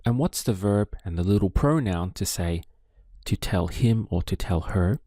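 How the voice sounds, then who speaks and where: A male teacher guides learners through a language lesson in an unhurried, deliberate way. His voice sits low and dark, and he leaves pauses for the listener to answer. The sound is dry and close. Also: lively intonation, no echo. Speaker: Spanish teacher. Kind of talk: slow spoken language lesson.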